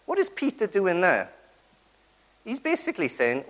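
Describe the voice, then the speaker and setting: Man, preacher, sermon, earnest and emphatic, rhetorical tag questions, fairly high pitch. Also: big pitch swings, normal speed, fairly bright tone. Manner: keeps asking the congregation rhetorical tag questions.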